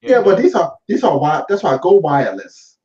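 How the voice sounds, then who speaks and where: A man's voice: sits high, big pitch swings, fairly quick, darkish tone, far from the mic, lo-fi sound. A man chatting casually over a wireless gaming headset, laid-back and plain-spoken. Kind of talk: casual chat.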